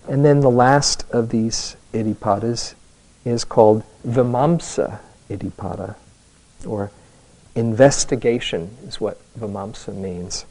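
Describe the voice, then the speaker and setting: A man giving a dharma talk to a live group as a meditation teacher, telling a personal story slowly, with hesitant restarts. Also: lowish voice, darkish tone, low-quality recording.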